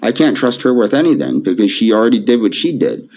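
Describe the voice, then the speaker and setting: A man speaking softly to camera in a pleading, repetitive, emotionally flat way. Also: fairly low pitch, quick pace. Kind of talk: pleading video monologue. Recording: dull lo-fi video audio.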